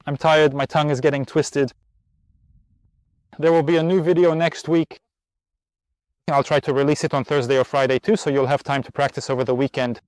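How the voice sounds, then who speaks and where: A man's voice: fairly high pitch, darkish tone, no room sound. Breathless man teaching outdoors, dry sound. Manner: tired, chatty, encouraging. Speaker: riding instructor and host. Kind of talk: casual outdoor lesson vlog. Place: outdoors at a riding spot in the heat.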